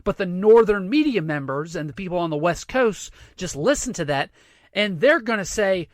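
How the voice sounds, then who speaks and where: A man's voice: high-pitched, sing-song, moderate pace, no echo. A man hosting a sports show, ranting with profanity and sarcasm. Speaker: sports commentary host. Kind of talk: sports rant monologue.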